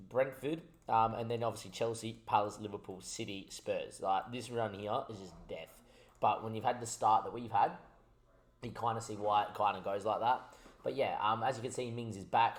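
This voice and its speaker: A man giving casual commentary on his football management game, a little tipsy from wine, switching between excitable mock match calls and chatty asides. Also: lowish voice, fairly quick.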